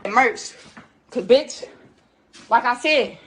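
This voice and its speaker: A woman's voice: a little high, slow pace, a bit bright. A woman in a heated, profane confrontation, angrily threatening and repeating her demands. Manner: angry, profane, threatening, repetitive. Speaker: confronting a neighbor over theft. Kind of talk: heated confrontation filmed on a phone.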